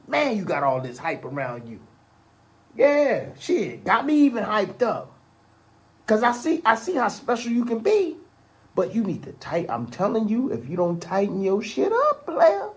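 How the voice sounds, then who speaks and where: A man's voice: sits high, wildly swooping pitch, normal speed. A man speaking as a boxing pundit in a played clip, giving a taunting pep talk to a fighter with an exaggerated, drawling delivery full of "ooh" and "oh".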